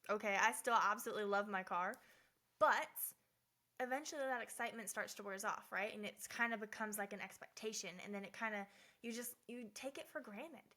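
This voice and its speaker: A middle-aged woman hosting a casual faith-based talk, chatty and animated, often tagging her lines with "right?". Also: mid-range voice, brisk. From Southern Oregon. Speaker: host of a faith talk show.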